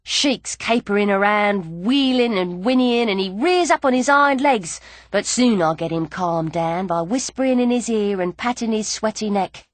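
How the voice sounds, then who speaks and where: A woman narrating a novel in the first person with a playful, lively storytelling manner. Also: mid-range voice, moderate pace, no room sound. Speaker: audiobook narrator.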